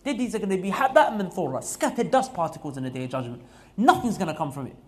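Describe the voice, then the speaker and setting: High-voiced emphatic male mosque preacher. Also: lively intonation, quick pace. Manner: emphatic, repetitive, rising to loud exhortation. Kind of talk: mosque talk. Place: mosque hall.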